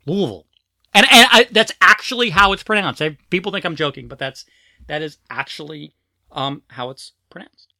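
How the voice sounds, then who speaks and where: A middle-aged transgender woman co-hosts a podcast in a low voice that sounds pushed and bright, at a moderate pace, in a dry studio-quality recording. Her casual chat rambles, and she giggles easily and keeps interrupting and restarting herself.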